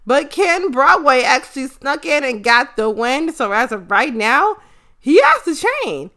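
A woman's voice: sits high, big pitch swings, unhurried, pushed and bright. A young adult woman casually recapping an episode, blunt and profane, rambling with restarts. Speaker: show recapper.

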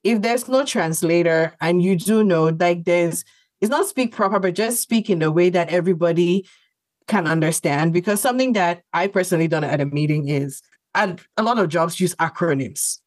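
A woman's voice: fairly low pitch, normal speed, no echo. A woman co-hosting a casual discussion podcast, talking things through thoughtfully with frequent "like" and restarts. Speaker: podcast co-host.

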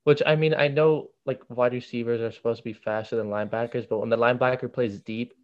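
A young man co-hosting a casual sports podcast, measured and analytical as he weighs each matchup. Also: medium pitch, steady tone, dull audio. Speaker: podcast co-host.

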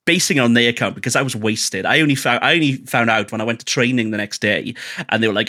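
Talking fast in a medium-pitched voice that sounds pushed and bright, this podcast guest shares candid stories about his life. He's chatty and self-deprecating, frequently starting sentences over.

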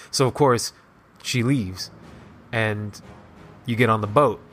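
A man casually recapping a video game story, excited and rambling, with lots of "like" and restarts. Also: medium pitch, moderate pace, a little hiss or hum. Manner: excited, rambling, heavy use of "like". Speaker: gaming video host.

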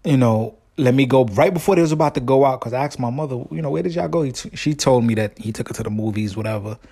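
A man's voice: medium pitch, fast, creaky, mellow, husky. A man hosting his own podcast, telling a long story in a rambling, slangy way with many restarts. His family comes from Guyana. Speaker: podcast host. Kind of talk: casual solo podcast monologue.

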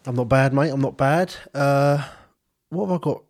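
A man's voice: mid-range voice, normal speed, a little mellow. A young man co-hosting a podcast, easygoing and teasing, laughing often. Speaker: podcast co-host. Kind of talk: casual banter.

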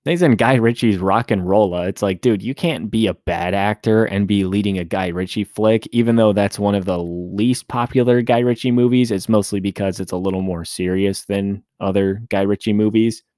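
Chatty low-voiced man reviewing movies. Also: normal speed, few pauses, a little mellow, dry recording, studio quality. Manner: chatty, rambling, self-correcting. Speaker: movie review podcast host. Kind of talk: casual solo movie talk.

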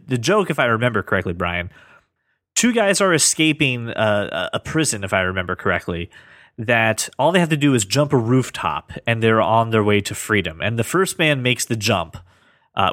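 A man co-hosting a casual podcast, talking earnestly about comics and thinking out loud with lots of restarts. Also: fairly low pitch, sing-song, normal speed, dry recording, clean studio sound. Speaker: podcast co-host.

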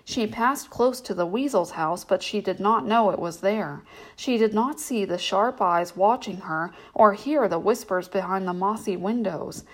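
A woman hosting a bedtime story reading, narrating in a gentle, measured way. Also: medium pitch.

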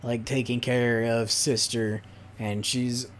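A man's voice: medium pitch, level tone, slow pace. Man rambling through a profane recap. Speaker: podcast co-host. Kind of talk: casual chat.

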